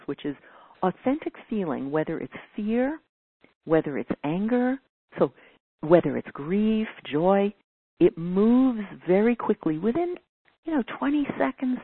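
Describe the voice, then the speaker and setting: Speaking in a lowish, slightly rough voice, a woman answers a caller's question earnestly during a teaching talk, occasionally voicing whiny quoted lines. The phone-like recording is dry with no room sound.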